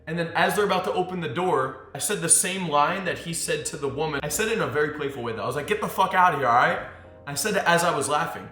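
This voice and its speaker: A man coaching on dating in a casual monologue, telling stories with swearing and acting out what people said. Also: on the high side. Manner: animated storyteller who swears and acts out quotes. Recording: echoey room with faint music.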